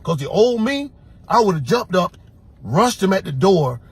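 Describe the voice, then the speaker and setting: Very husky man telling a heated story. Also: high voice, unhurried. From Florida. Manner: animated, emphatic, acts out his own quoted lines. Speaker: security officer.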